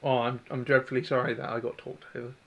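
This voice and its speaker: A man's voice: mid-range voice, flat delivery, quick pace. A man hosting a casual livestream, chatting and rambling while he services an airsoft gun and answers viewers. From New Zealand. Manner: rambling, chatty, self-deprecating, answers chat. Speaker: airsoft tech livestream host.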